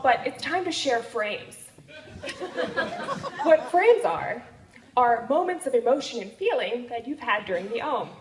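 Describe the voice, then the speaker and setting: Woman storyteller, high and lively, unhurried, telling a bawdy tale in a roomy venue with an audience laughing along. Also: over a noisy crowd, heavy background noise. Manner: bawdy, animated, laughing through lines. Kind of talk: live comic storytelling. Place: stage at a live storytelling night.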